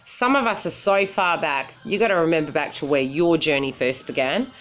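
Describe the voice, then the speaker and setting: A woman's voice: low-pitched, normal speed. A woman psychic reader talking casually to her viewers, blunt and frank, swearing and often asking "right?" to check they follow. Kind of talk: casual spiritual talk to viewers.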